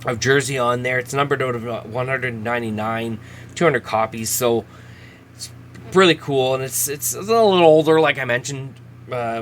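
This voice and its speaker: With a medium-pitched, somewhat bright voice, a man gives relaxed commentary as he rips open trading card packs, calling out names and chuckling at himself. There's a little hiss or hum in the audio.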